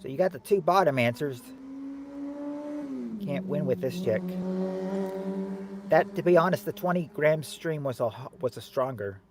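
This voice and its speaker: A man hosting a game show game on a livestream, joking with viewers in chat and loudly repeating the answers. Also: a little high, expressive, unhurried, pauses often, a little hiss or hum. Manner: jokey and teasing, calls out answers loudly and repeats them. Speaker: livestream host running a family game show game. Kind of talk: casual livestream chat, reading viewers' guesses.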